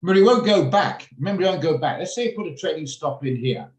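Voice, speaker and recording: A man's voice: on the high side, lively intonation, quick pace. A man hosting an online trading session, chatty and blunt, often rambling off topic, heard over a video call. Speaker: trading room host. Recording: roomy echo on a video call.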